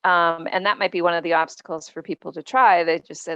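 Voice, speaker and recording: A woman's voice: on the low side, fairly even intonation, fairly quick, hardly any pauses, a bit bright, clean tone, no room sound. A woman guest author in a podcast interview, explaining earnestly with frequent ums.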